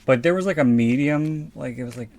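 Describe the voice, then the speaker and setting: A man's voice: mid-range voice, brisk, creaky, a little mellow. A man with a South Philadelphia accent, co-hosting a casual podcast and rambling through profane asides. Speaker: podcast co-host. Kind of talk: casual chat.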